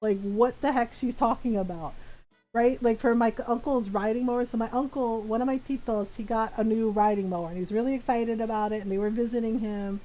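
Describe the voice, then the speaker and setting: High-voiced woman streamer telling stories. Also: brisk, faint music behind, rough recording. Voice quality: animated, laughs often. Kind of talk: casual livestream storytelling.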